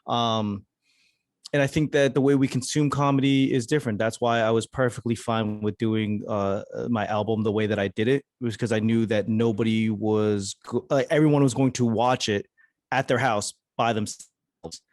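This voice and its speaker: A man's voice: on the low side, fairly even intonation, moderate pace, a little mellow, no echo. Boston-accented man, dry close sound. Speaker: stand-up comedian guest. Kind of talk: casual podcast chat.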